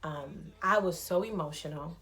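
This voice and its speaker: Woman telling her story, fairly low voice. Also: moderate pace. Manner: animated storytelling, acting out dialogue. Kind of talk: casual personal testimony.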